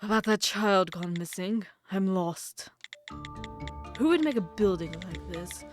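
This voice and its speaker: A woman doing a curious young new employee in a video game, talking in an overdone, wobbly posh British accent at a middling pitch. Game music plays clearly behind the voice. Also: animated, unhurried, natural voice. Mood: puzzled. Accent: put-on British. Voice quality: shaky exaggerated posh accent. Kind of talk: game dialogue read aloud.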